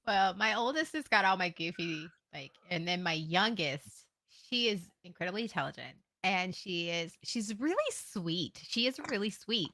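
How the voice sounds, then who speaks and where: A woman's voice: fairly low pitch, animated, unhurried, sharp tone. A woman in her thirties chatting casually and giggling as a podcast co-host. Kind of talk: casual chat.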